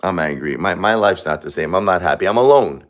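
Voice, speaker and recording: Deep-voiced grieving man in his forties. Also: expressive, fairly quick. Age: 40s. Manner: rambling, repetitive, confessional. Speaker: livestream host. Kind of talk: live-stream talk to viewers. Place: his home, alone.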